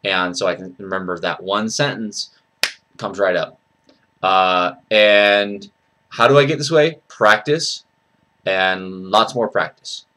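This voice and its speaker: A man talking casually in a vlog, rambling and hesitant with many pauses. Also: fairly low pitch, background noise. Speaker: vlogger.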